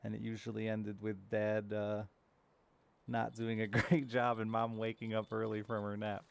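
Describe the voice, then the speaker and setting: A thirty-something gamer chats frankly with his stream's viewers and swears from time to time. His voice is on the low side and monotone, gravelly yet clear and resonant, delivered at normal speed.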